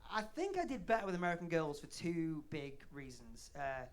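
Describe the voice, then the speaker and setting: Brief: Leeds stand-up comic, late 30s, flamboyant, animated, faint room noise. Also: male voice, on the high side, moderate pace. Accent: Northern English, Leeds. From Leeds, north of England. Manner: flamboyant, animated, self-mocking. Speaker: stand-up comedian. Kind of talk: stand-up comedy set. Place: comedy club stage.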